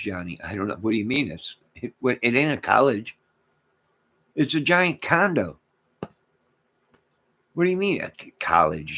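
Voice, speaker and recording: A man hosting his own channel rants to camera in a rambling, emphatic and repetitive way, his fairly low, slightly rough voice swinging between loud declarations and muttered asides.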